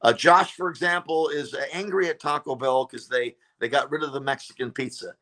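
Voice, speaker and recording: A man, a comedian and radio show regular, telling stories as a guest in a casual interview, animated and full of fillers and restarts. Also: mid-range voice, brisk.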